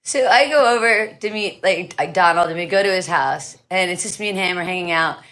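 A woman's voice: lowish voice, fairly quick, a bit bright. A woman, a guest in a casual chat, telling a story in a breezy, laughing way with many fillers.

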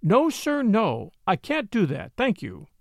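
A man's voice: high voice, wildly swooping pitch, measured pace, no echo, clean studio sound, exaggerated voice. A man voicing a poor young countrywoman, an anxious mother pleading for help in an audiobook reading. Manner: pleading, gentle.

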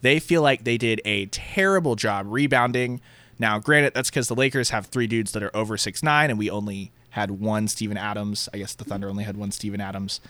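Guy doing sports analysis, bright voice, dry close mic. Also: on the low side, brisk, no echo. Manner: earnest, explains at length. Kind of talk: casual sports chat.

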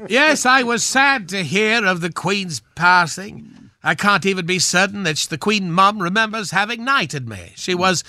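Actor playing a haughty aging matinee swordsman, high voice, slow, bright and grand. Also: animated, no echo, full character voice. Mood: pompous. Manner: grand, theatrical, drawn-out delivery. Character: pompous aging knighted male film swashbuckler. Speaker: guest. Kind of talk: radio comedy character bit.

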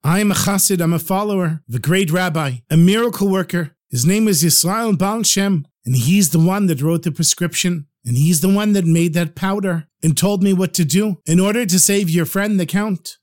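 A man's voice: high voice, normal speed, few pauses, darkish tone, lightly acted. A man voicing an earnest, devoted chassid who pleads his case with conviction.

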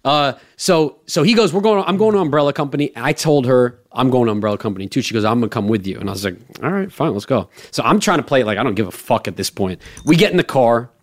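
A man's voice: medium pitch, quick pace, hardly any pauses. Profane young man telling a wild story. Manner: profane, rambling, animated storyteller. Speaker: podcast host. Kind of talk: casual storytelling chat.

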